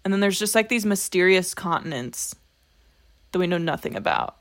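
A woman's voice: fairly low pitch, lively intonation, moderate pace. A young woman co-hosting a casual book podcast, chatty and questioning, with wry asides. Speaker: podcast co-host.

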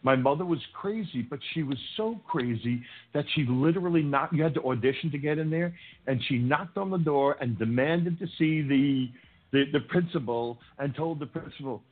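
A man's voice: fairly high pitch, moderate pace. An older man, a podcast guest, telling wild stories from his youth in a casual interview, stammering through restarts and acting out the people he quotes. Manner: animated storyteller, acts out quotes with shouting, stammering restarts. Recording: tinny phone-like line.

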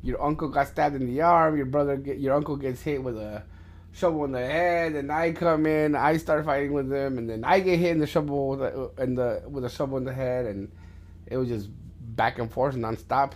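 A man in the middle range of pitch for his sex, telling stories to his son in a rambling, profane, casual way. He restarts his sentences often and grows loud and animated as the action builds. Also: a little fast. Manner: rambling, with many restarts and swearing. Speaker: podcast host talking with his son. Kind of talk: casual storytelling chat.

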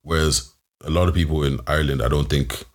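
A man's voice: very deep voice, fairly even intonation, a little fast. A man co-hosting a podcast in casual chat, rambling with lots of fillers and restarts. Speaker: podcast co-host.

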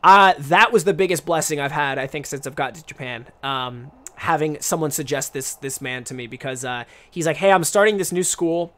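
A man's voice: mid-range voice, normal speed, hardly any pauses, fairly bright tone. A young man streamer and English teacher talking casually to camera, rambling and restarting his sentences with lots of fillers. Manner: rambling, self-interrupting, many fillers.

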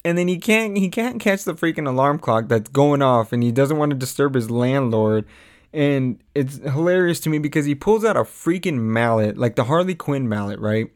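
A man's voice: medium pitch, expressive, moderate pace. Rambling, chuckling young man chatting. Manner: rambling, laughing, lots of fillers and quoted bits. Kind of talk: casual chat.

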